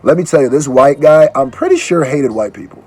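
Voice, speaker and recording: A musician with a highish, animated voice, dark in tone with a breathy edge, chats fairly quickly for a casual reaction video. Groggy from allergy medicine, he talks loosely in slang and keeps restarting his sentences.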